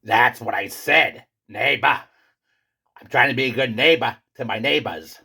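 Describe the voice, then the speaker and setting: Guy doing a booming gravelly pizza dude, kinda raspy, bright tone. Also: a little slow, exaggerated voice. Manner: booming, theatrical, insistent. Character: boastful male pizza character, self-styled great one. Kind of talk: comedy skit.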